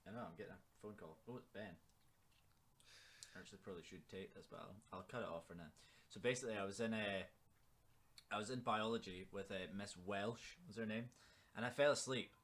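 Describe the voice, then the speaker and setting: Fast-talking, swearing young man telling stories. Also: fairly low pitch, fairly bright tone. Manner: swears freely, rambling storytelling with fillers. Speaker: podcast co-host. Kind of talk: casual chat.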